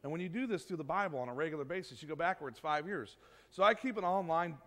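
A man pastor giving a sermon in a church, conversational and animated, acting out what people say. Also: on the high side, fast talker. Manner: conversational, animated preaching with acted-out quotes.

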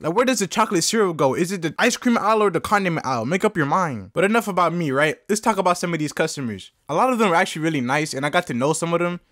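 A young man from the United States telling comedic storytime anecdotes in a deadpan, slangy way. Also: fairly high pitch, no room sound, studio quality. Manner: deadpan, slangy, quick asides. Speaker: storytelling animator.

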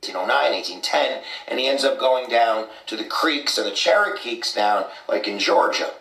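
A man's voice: medium pitch, lively intonation, normal speed, creaky, fairly bright tone, distant mic. A man explaining history casually, with many fillers like "kind of" and "you know". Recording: echoey clip from off-mic.

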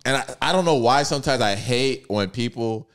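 Podcast guy w a smooth clean voice, venting about little annoyances, laughs a bit. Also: medium pitch, fairly quick, fairly bright tone. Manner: ranting about pet peeves, chuckling. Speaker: podcast co-host. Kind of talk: casual chat.

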